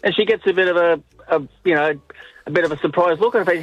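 A man's voice: sits high, fast talker, no room sound. Man calling in on a dull phone line. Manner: chatty, hesitant start, amused. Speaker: caller. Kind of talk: telling a joke on the phone.

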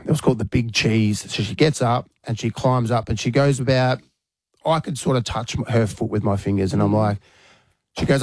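A man hosting a radio show, telling a lively story and acting out quotes with punchy sound words. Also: medium pitch, fairly quick, no room sound. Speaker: radio host. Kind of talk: casual storytelling chat.

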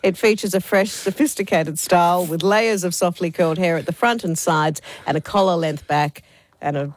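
A woman's voice: lowish voice, moderate pace. A woman co-hosting a radio show, telling a funny story. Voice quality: laughs often, lively storytelling. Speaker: radio co-host. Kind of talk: casual radio chat.

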